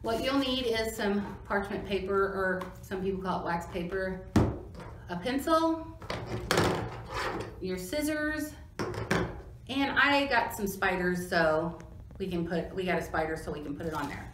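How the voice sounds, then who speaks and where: A woman library craft instructor giving a relaxed, step-by-step craft demonstration. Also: medium pitch, unhurried, long pauses. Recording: roomy echo with clear background noise.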